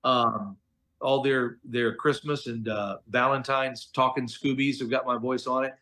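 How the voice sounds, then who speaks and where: A man's voice: mid-range voice, a little slow. Chatty, slangy middle-aged man telling stories. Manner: animated, chatty storyteller, slangy with "dude" and "okay?". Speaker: voice actor guest. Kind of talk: casual interview storytelling.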